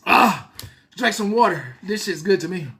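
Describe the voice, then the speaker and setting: A woman's voice: mid-range voice, animated, normal speed, fairly bright tone, slight background noise. A woman hosting a show, reading a story aloud and breaking off for blunt, profane asides. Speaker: host.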